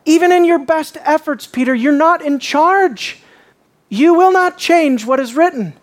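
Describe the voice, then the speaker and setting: A preacher voicing Jesus as a calm, authoritative teacher, quoted with slow, measured solemnity in a sermon. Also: high voice, voice pushed up. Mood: firm. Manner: solemn, measured, drawn-out delivery. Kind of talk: sermon retelling with acted quotes.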